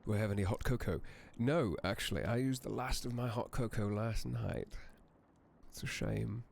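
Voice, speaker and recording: A man's voice: lowish voice, normal speed, creaky, darkish tone, a little hiss or hum. A man hosting a horror story stream in character as a tome keeper, chatting with viewers in theatrical, old-fashioned genteel phrasing.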